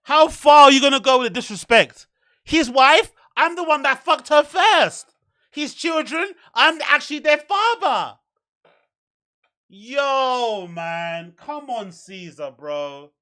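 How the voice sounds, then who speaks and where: A man's voice: very high voice, expressive, slow, sharp tone, dry recording, studio quality. A man hosting reaction commentary, mocking, profane and exasperated. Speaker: show host.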